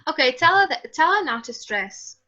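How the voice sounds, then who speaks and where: A woman's voice: sits high, big pitch swings, moderate pace, pushed and bright. A woman teaching a chemistry class online, patiently calling on students by name. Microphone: computer mic on a video call. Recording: dull lo-fi online call audio.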